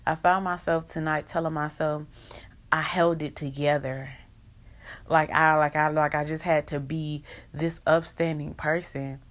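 Young woman ranting on her vlog, kinda low voice, country slang, swearing, really worked up. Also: level tone, normal speed, few pauses, dull audio. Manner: raw, profane, emotional venting. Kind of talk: emotional vlog rant.

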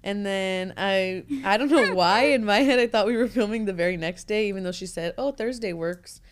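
A young woman co-hosting a casual podcast while nine months pregnant, chatty and quick to laugh. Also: mid-range voice, smooth. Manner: giggly, chatty, lots of fillers. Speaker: podcast co-host. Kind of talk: casual chat.

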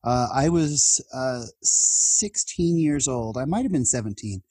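Husky, heartfelt man telling stories. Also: mid-range voice, expressive, unhurried, mellow, no room sound. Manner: heartfelt and chatty, with laughs and restarts. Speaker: podcast guest. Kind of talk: personal storytelling in an interview.

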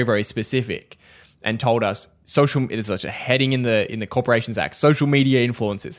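A man co-hosting a casual podcast, explaining in a measured way with frequent fillers. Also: fairly low pitch, a bit bright. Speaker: podcast co-host.

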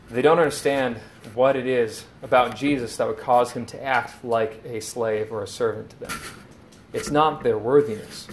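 A man's voice: medium pitch, slight background noise. Earnest male preacher explaining scripture. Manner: earnest, explanatory, retells scenes with quoted dialogue. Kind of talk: sermon.

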